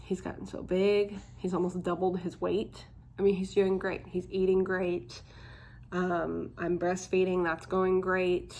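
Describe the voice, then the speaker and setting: A young woman talks candidly to her camera in a relaxed, chatty vlog, her low voice catching in a gravelly fry. Fillers tumble in as she talks. A faint hum of room noise sits under the recording. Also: unhurried. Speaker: vlogger. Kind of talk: casual chat to camera.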